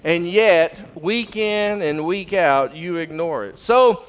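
A pastor delivers a dramatic sermon in a high, carrying voice. He swings from loud proclamation to near-whispered intensity. His words ring through a church hall with a long reverb. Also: animated, slow pace, clear, resonant tone. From Southern US. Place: church sanctuary.

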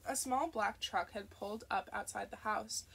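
Woman, audiobook narrator, steady, expressive, gravelly, mid pitch. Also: normal speed. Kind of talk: audiobook reading.

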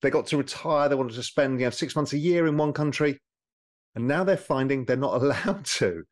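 A British man speaking as an interview guest, animated and explanatory, with a lively way of making his points. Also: mid-range voice, a little fast. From Britain. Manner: animated, explanatory, mimics people for effect. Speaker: guest, former hedge fund manager. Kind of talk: conversational interview.

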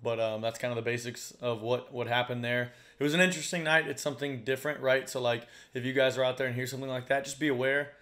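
A man's voice: mid-range voice, quick pace, hardly any pauses. A man who hosts a fishing channel, telling a story to camera in a chatty way, full of "like" and "you know.". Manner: chatty, lots of "like" and "you know", animated when retelling. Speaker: fishing guide and channel host.

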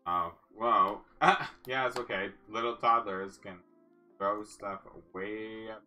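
A woman's voice: extremely low pitch, steady tone, slow, bright, forceful tone, soft background music. A woman giving casual let's-play commentary, chatty and cooing at the game characters. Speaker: gaming channel host.

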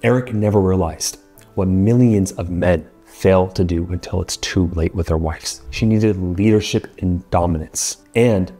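A male marriage coach speaks earnestly and assertively to the viewer. His voice is low, warm and a little husky. Soft music plays faintly behind him. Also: a little slow. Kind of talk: advice monologue to the viewer.

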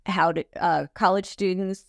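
Low-voiced woman explaining college disability rules. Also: steady tone, moderate pace, creaky, no room sound, clean studio sound. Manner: explanatory, many fillers and self-corrections. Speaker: guest expert on college disability services. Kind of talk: conversational interview.

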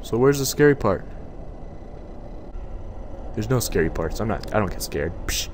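A man's voice: fairly low pitch, lively intonation, moderate pace, a little hiss or hum. A young man giving jokey, swearing commentary while playing a horror game and talking back to its figures. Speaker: gaming YouTuber.

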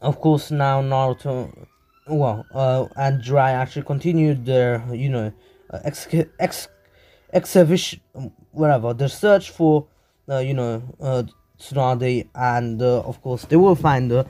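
Guy rambling through a fan story recap, lots of uh and of course, mid pitch, soft music behind. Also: measured pace. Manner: rambling, full of fillers and restarts. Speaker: anime channel narrator.

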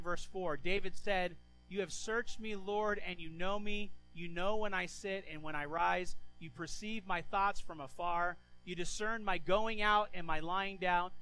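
A male pastor with a high, bright voice delivers an animated sermon. He stammers through quick restarts and throws himself into the voices of the figures he describes. Faint music plays underneath. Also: poor audio.

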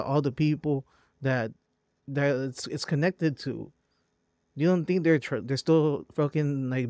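A man's voice: mid-range voice, a little mellow, dry recording, studio quality. A man hosting a podcast, ranting bluntly and profanely, calling his target "bro". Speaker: podcast host. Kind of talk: heated podcast rant.

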